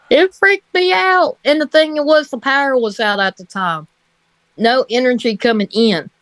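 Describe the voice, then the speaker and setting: A woman's voice: sits high, expressive, takes it slowly, long pauses, no room sound. A woman telling a casual story on a livestream, hesitant and often laughing.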